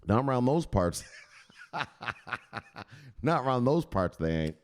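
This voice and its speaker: A man's voice: mid-range voice, big pitch swings, a little slow. A male crypto show host in casual, joking chat who swears freely and laughs a lot. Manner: joking, profane, laughs often.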